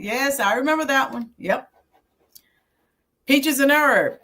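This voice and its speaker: A woman's voice: a little high, animated, unhurried, long pauses, pushed and bright. A middle-aged woman hosting her own channel, chatting casually with viewers live, reminiscing and answering them by name. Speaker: YouTube channel host and teacher. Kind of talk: casual live-stream chat.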